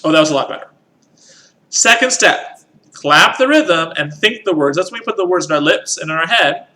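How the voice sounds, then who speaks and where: A man's voice: fairly high pitch, expressive, moderate pace, bright, forceful tone. A man teaching a music lesson, patiently explaining rhythm and counting in. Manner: patient, counts in and sings along.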